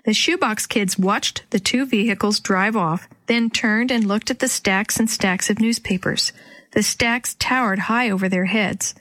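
A woman's voice: mid-range voice, unhurried, fairly bright tone, dry recording. A woman reading a children's chapter book aloud, giving the characters light voices. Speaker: audiobook narrator.

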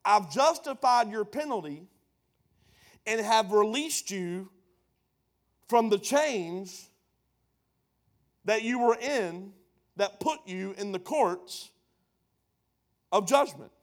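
A man preaching a sermon, emphatic and playful, swelling to loud lines. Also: high-pitched, animated, slow pace, long pauses. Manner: emphatic, building to loud punchlines, playful asides.

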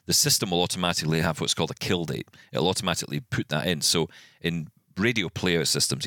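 A man's voice: extremely low pitch, pushed and bright, no echo, studio quality. A man co-hosting a podcast, ranting animatedly in casual chat, often restarting his sentences. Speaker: podcast co-host.

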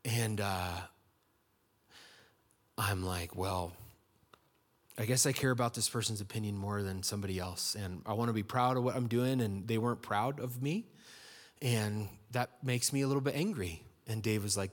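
A man's voice: on the low side, normal speed. A man preaching a sermon in a conversational, storytelling way, acting out quotes in his stories. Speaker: pastor.

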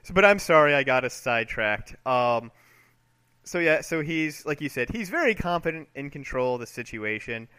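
A man co-hosting a comic-book podcast, chatty and quick to laugh at his own jokes. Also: mid-range voice, animated, bright, forceful tone, smooth. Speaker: podcast co-host.

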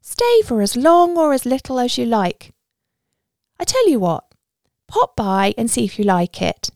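A woman's voice: on the high side, very animated, unhurried, creaky, a little mellow, dry recording, clean studio sound, pitched above the performer's own voice, full character voice. A woman voicing a cheery, helpful woman who runs a cafe, chatty and friendly.

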